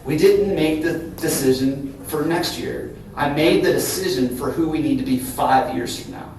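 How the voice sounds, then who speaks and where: A company CEO, middle-aged and from Cincinnati, Ohio, addresses a business breakfast crowd in a large event room with a fairly high, slightly mellow voice at a moderate pace. His tone is candid, earnest and conversational, peppered with "right?" The distant recording carries heavy hall echo and a faint hum, plus occasional laughs from listeners.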